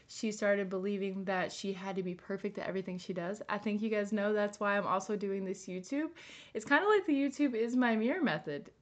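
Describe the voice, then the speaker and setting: A woman's voice: medium pitch, a bit bright. A young woman talking casually and earnestly in a personal wellness vlog, with lots of fillers and restarts. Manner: chatty and earnest, many likes and restarts. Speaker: wellness vlogger.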